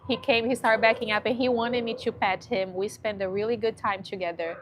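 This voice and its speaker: A woman's voice: on the high side, fairly even intonation, a little fast. Woman, casual livestream talk, emotional, cooing at a dog, faint noise behind. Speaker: shelter dog rescue livestreamer. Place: dog shelter.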